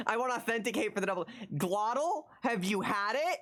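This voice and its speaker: A streamer from the United States talks to chat from home at a fairly quick clip with few pauses and a medium pitch. They stammer, ramble and repeat phrases, laughing animatedly as they tease viewers.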